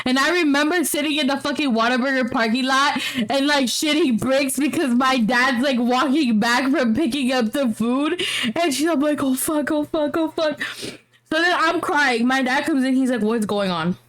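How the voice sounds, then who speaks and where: A woman's voice: sits high, moderate pace. A young woman co-hosting a podcast, retelling a story in a casual, slangy, swearing way. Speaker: podcast co-host.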